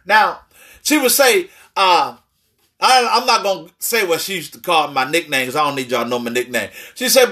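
A man preaching a sermon as pastor, with shouted emphasis and call-and-response to the congregation. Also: high-pitched, lively intonation, normal speed.

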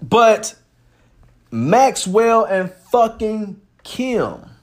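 A man's voice: high-pitched, extremely slow. A man hosting a podcast, talking in a casual, profane and emphatic monologue. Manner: animated, profane, emphatic storytelling. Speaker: podcast host.

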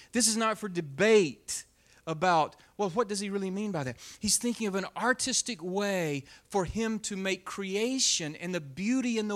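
Expressive male Bible teacher with a high voice; swings from punchy emphasis to soft near-whisper. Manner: expressive, shifts between loud emphasis and hushed near-whisper; speeds up and slows down on purpose.

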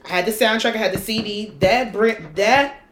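A woman co-hosting a casual chat, blunt and profane, her stories told with animated energy. Her voice sits at a middle pitch and rings in a roomy space. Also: moderate pace. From United States. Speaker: podcast co-host.

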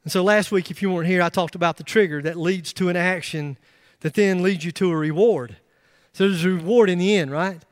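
High-voiced man preaching a lively sermon. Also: fairly quick, hardly any pauses, no room sound, clean studio sound. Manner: emphatic, rising to loud bursts with joking asides. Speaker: pastor.

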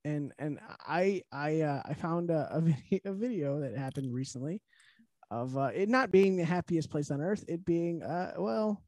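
A man's voice: a little high, expressive, normal speed, a little mellow, dry recording. A man co-hosting a podcast, chatting casually, laughing often and steering the topics. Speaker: podcast co-host.

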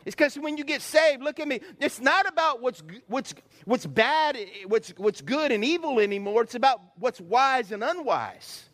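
High-voiced animated preacher man. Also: moderate pace. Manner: animated preaching with acted-out voices and call-and-response. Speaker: pastor. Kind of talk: sermon.

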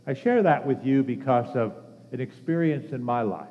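A man's voice: mid-range voice, animated, warm tone. Older man preaching in a reverberant hall. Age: 70s. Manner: earnest personal storytelling with measured pauses. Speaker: pastor. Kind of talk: sermon. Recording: long reverb of a large hall.

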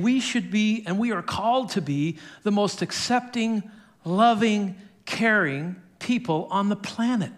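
High-voiced guy preaching, telling a story and doing the quotes with little chuckles. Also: a bit bright. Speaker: pastor. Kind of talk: sermon.

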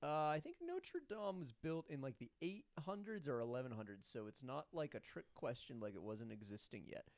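A man co-hosting a podcast, chatting in a playful, expressive way. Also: mid-range voice, brisk, hardly any pauses, no room sound. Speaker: podcast co-host. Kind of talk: casual chat.

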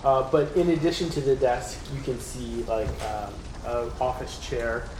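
A man's voice: medium pitch, fairly even intonation, measured pace, echoey room, background noise. A man running a tabletop game as game master, describing scenes in a loose way with fillers.

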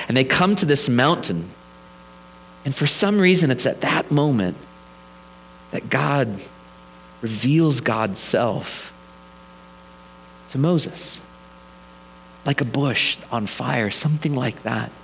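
A man's voice: medium pitch, a little hiss or hum. A male pastor preaching a sermon in a conversational, storytelling way, with humorous asides.

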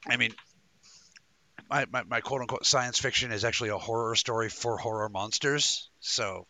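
A man's voice: medium pitch, normal speed, bright, forceful tone. A man hosting a live talk show in a rambling, jokey way, full of stumbling restarts. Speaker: host. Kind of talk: casual live-show chat.

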